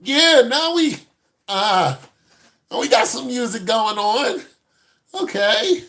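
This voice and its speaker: A man giving a casual, joking critique with animated, mock-preachy asides. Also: very high-pitched, slow pace. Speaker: dating and style commentator.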